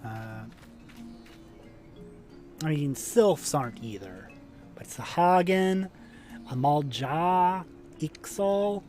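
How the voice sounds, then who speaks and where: A man's voice: fairly high pitch, lively intonation, extremely slow, long pauses, darkish tone, faint music behind. A man streaming a video game, chatting casually in a rambling, self-deprecating way with false starts.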